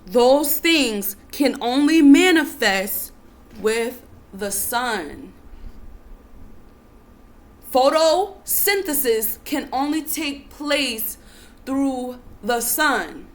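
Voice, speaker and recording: Unhurried woman coaxing her listeners to breathe. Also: high voice. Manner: soothing, coaxing, repeats "breathe" and "calm down", swells to emphatic bursts. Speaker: spiritual teacher. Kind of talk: spiritual teaching monologue.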